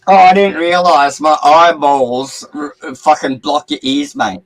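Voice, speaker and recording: A man's voice: fairly high pitch, unhurried, dry recording. An Australian man on a livestream panel, provocative and sarcastic in an argument. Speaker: panel guest. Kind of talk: heated livestream panel chat.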